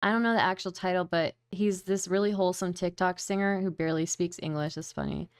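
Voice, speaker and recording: A woman streamer giving excitable, mocking reaction commentary, laughing often and swearing casually. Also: fairly low pitch, a little fast, clear, resonant tone, no room sound, clean studio sound.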